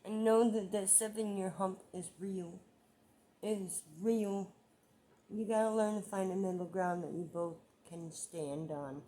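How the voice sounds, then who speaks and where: A woman talks slowly and at length to her viewers in a personal vlog. She rambles, circles back and repeats phrases, and her frustration keeps breaking through. Her voice sits at a middle pitch. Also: mellow. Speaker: vlogger. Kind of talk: emotional personal vlog monologue.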